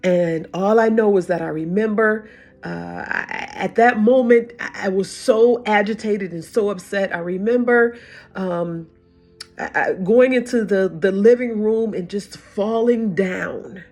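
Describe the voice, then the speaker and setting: Husky-voiced middle-aged woman, halting testimony. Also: medium pitch, darkish tone, soft background music. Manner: halting, repeats words, restarts sentences. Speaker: vlogger sharing a personal story. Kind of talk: emotional personal testimony.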